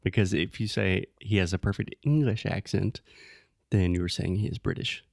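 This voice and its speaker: Low gravelly man, patient explainer. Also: fairly even intonation, moderate pace, no echo, studio quality. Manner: explains words patiently, corrects gently. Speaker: podcast co-host. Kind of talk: casual chat teaching English.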